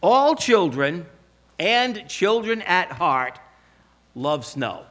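An older man preaching a sermon, telling stories with emphatic, animated delivery. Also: sits high, drawn-out words. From Pacific Northwest US. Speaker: pastor.

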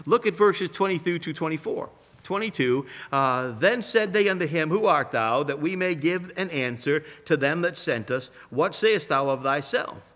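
Animated high-voiced male preacher. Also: moderate pace. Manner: preaching with emphatic rises and hushed drops. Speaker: pastor. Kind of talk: sermon.

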